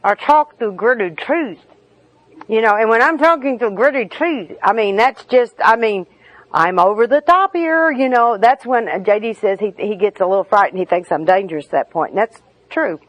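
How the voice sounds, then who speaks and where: A woman's voice: mid-range voice, animated, moderate pace, highs cut off. A middle-aged woman giving a candid, humorous personal talk at a recovery meeting.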